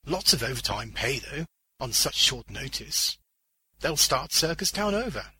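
A man's voice: mid-range voice, very animated, unhurried, sharp tone, breathy edge, no room sound, pitched above the performer's own voice, full character voice. A man voicing a cynical old man who explains things in a matter-of-fact, knowing way.

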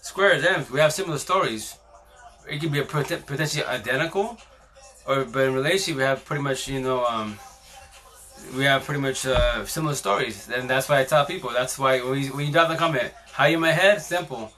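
A man's voice: medium pitch, a little fast, sharp tone. A man hosting a casual live stream on his phone, talking in a rambling, slangy way and swearing freely.

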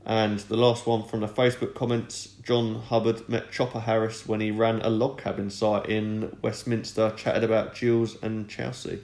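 A low-pitched man co-hosts a casual podcast chat. He reads out listener comments and adds dry, jokey asides. The room has a noticeable roomy echo. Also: level tone, normal speed, hardly any pauses, darkish tone. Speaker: podcast co-host.

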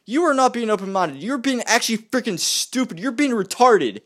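Ranting vlogger: a man with a high, swooping voice, exasperated and repetitive. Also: expressive, moderate pace, a bit bright. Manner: exasperated, repeats himself, stumbles and restarts. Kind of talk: heated ranting monologue.

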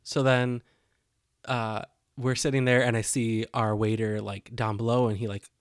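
At normal speed and mid-range pitch, a young man co-hosting a podcast tells a story in casual conversation, bringing the quotes to life with animated delivery. No room sound; clean studio audio.

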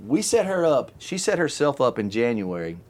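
A middle-aged man hosting a casual chat, telling a long story in an animated, chatty way and laughing often. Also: medium pitch, normal speed. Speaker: podcast host telling a story.

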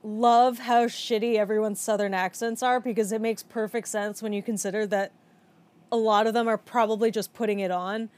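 A woman's voice: medium pitch, fairly even intonation, moderate pace, a little mellow. A woman co-hosting a casual podcast chat, speaking frankly and swearing freely. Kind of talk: casual chat reviewing a film.

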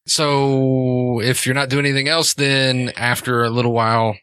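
A man runs a tabletop game, narrating casually with plenty of fillers. His voice is bright and forward. The sound is dry and close. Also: medium pitch, level tone, normal speed, smooth, dry recording. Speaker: game master.

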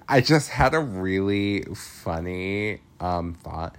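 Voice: sits low, expressive, drawn-out words. A podcast host casually recapping a film, chatty and loose, full of fillers, laughing and swearing freely.

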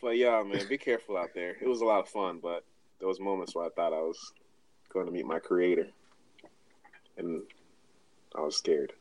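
A man tells a story in a loose podcast chat. He is animated, laughs often and jumps up in pitch to act out what he said at the time. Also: moderate pace, long pauses, dry recording, rough recording. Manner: animated, laughing, acts out his own quotes in higher voices.

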